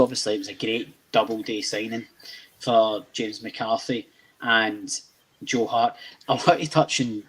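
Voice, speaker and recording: A man's voice: mid-range voice, slightly rough. A young Scottish man hosting a casual football chat show, rambling and repeating words as he starts each thought. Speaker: podcast host.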